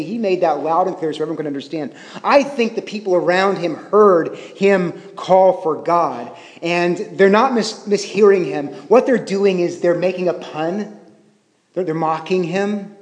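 A man's voice: high voice, moderate pace, a little mellow. Guy preaching a sermon, chatty, keeps asking the crowd questions, big echoey church sound. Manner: conversational, asks the listeners questions. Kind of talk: expository sermon. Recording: reverberant hall.

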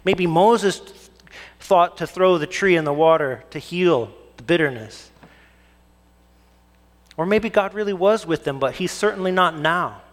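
A man's voice: sits high, measured pace. Man preaching in a reverberant hall. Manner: asks the congregation rhetorical questions. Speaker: pastor. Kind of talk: sermon.

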